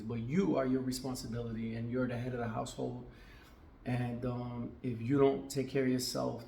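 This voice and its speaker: Gravelly-voiced barber chatting casually. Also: male voice, medium pitch, dark tone, a little hiss or hum. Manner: conversational, with frequent "right?" tags. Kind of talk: casual vlog talk.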